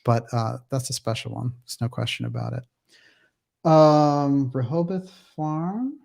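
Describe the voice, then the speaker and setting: A man's voice: mid-range voice, sing-song, unhurried, gravelly, a little mellow. A man hosting a livestream, upbeat as he reads out viewer names and comments and answers questions in casual chat. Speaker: livestream host.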